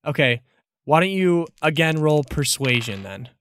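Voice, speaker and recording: Lively woman running a tabletop game. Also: low voice, unhurried, a little hiss or hum. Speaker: game master.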